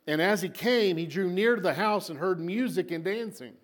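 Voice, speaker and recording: A man preaching a sermon to a congregation. He tells the story dramatically, repeats words for emphasis, and swings between loud and soft. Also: sits high, moderate pace. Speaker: pastor.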